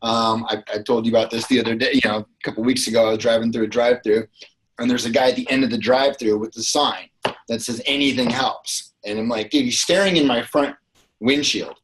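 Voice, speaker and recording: A man talking casually on a podcast, blunt and profane as he tells his stories. His voice sits at an ordinary middle pitch. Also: quick pace, rough recording. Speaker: guest.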